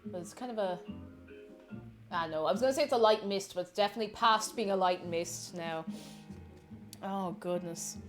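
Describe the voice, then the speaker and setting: A woman's voice: mid-range voice, normal speed, pauses often. A young woman chatting casually on a live stream, reading chat aloud and talking with her mouth full. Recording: faint music behind.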